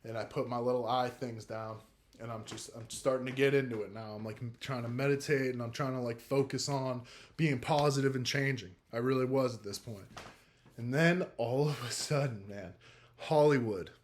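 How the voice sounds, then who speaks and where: A man's voice: mid-range voice, steady tone, normal speed. Young guy telling a story, super casual, cusses a lot, says like constantly. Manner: laid-back, profane, heavy use of filler "like". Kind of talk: casual first-person storytelling.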